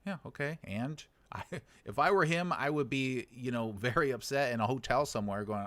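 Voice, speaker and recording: An American man in his thirties living in China hosts a casual livestream, reading viewer comments with dry, sarcastic humor and chuckles. His mid-range, slightly bright voice moves at normal speed with hardly any pauses, and the recording is dry.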